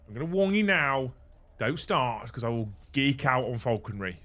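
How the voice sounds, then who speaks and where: A man's voice: medium pitch, big pitch swings, normal speed, a bit bright. A man hosting a casual hobby live stream, reading chat aloud and trading sweary, teasing banter with his co-host.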